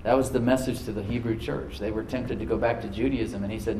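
A man's voice: on the low side, steady tone, fast talker, mellow, slight background noise. A middle-aged male pastor preaching a sermon to his congregation, exhorting and repeating phrases for emphasis. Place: church hall with congregation. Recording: roomy church echo.

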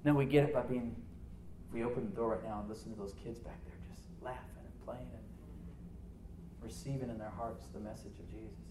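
A male pastor preaching a sermon, swinging from loud emphatic lines to hushed near-whispers. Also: mid-range voice, fairly even intonation, brisk, echoey room, heavy background noise. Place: church sanctuary.

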